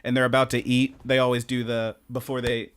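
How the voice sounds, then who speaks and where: A man co-hosts a podcast in easy, casual chat. He recaps scenes with animated energy, acting out the characters' lines and laughing often. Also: mid-range voice, fairly quick, clear, resonant tone. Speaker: podcast co-host.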